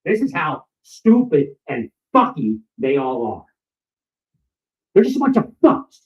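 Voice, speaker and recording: A man delivering a furious, profane ranting monologue and often shouting. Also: a little high, huge pitch swings, measured pace. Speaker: vlogger. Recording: echoey, distant, dull sound.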